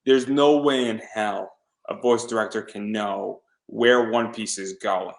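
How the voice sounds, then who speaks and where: The podcast host here has a lowish, creaky voice with fairly even intonation and an unhurried pace. He chats casually with his interviewee, enthusiastic yet prone to stammering and repeating words.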